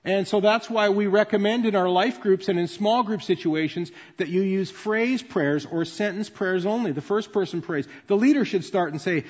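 High-voiced male pastor, booming hall. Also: moderate pace, hardly any pauses. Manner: conversational, explanatory teaching. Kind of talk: sermon. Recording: dull sound with long reverb in a large hall.

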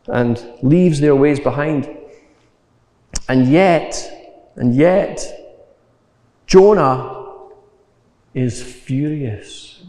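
A man preaching a sermon, telling the story slowly and acting out the quotes. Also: fairly high pitch, darkish tone. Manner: unhurried storytelling with acted quotes. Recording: echoey hall.

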